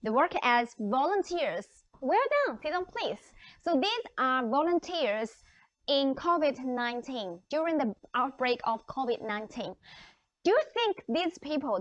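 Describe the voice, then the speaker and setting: Upbeat woman teacher asking her class questions, high voice, kinda muffled lo-fi. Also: no echo. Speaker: English teacher. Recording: dry, dull lo-fi sound.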